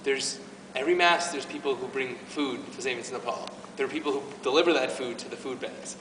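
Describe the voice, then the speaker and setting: Here a youth ministry speaker addresses young people at his parish in a relaxed faith talk, heartfelt and emotional, often starting over mid-thought. His mid-range voice has a fairly bright tone and moves a bit fast. The mic picks him up from a distance in an echoing hall, with a little noise behind him.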